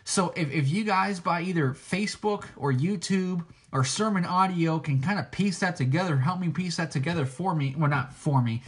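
A preacher giving an informal teaching, talking hesitantly with many restarts and frequent checks for agreement. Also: male voice, a little high. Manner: hesitant, frequent restarts, keeps asking "okay?".

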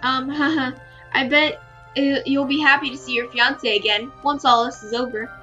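A shy young heroine talks in hesitant, stammering bursts, voiced by a woman reading a visual novel. Her voice is high and bright. A little muffling and soft music sit under it. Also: fairly even intonation, moderate pace, lo-fi sound. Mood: flustered.

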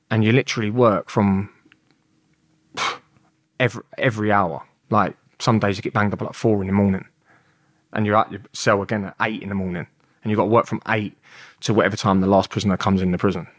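Young bloke, lowish voice, telling prison stories loud and sweary, dry close sound. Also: male voice, dry recording. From London. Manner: animated, acts out quoted exchanges, blunt and sweary. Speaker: guest. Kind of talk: casual storytelling interview.

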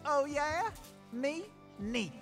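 An actor voicing a fussy, suspicious creature in a video game who looks after the town's bug snacks. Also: female voice, high voice, animated, takes it slowly. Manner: wary, fretful. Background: game music.

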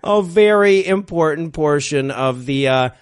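High-voiced sarcastic man recapping a movie. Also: animated, unhurried, clear, resonant tone, no echo, clean studio sound. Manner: sarcastic recapper, laughs often. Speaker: podcast co-host. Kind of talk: casual comedic movie riffing.

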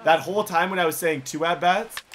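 A young man giving animated gameplay commentary for his video channel, heated and playful with loud outbursts. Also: a little high, a little fast. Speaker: gaming YouTuber.

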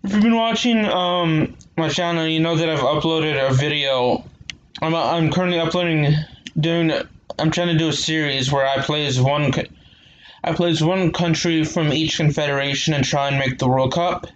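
Rambling young gaming YouTuber, lo-fi mic. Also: male voice, on the high side, normal speed, slight background noise. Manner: rambling, hesitant, self-correcting. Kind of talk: casual gameplay commentary.

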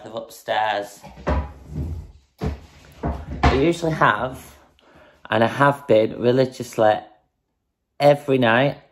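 A woman casually chatting in a home vlog, breezy and swearing now and then as she shows off products. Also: rumbling low. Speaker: fitness vlogger.

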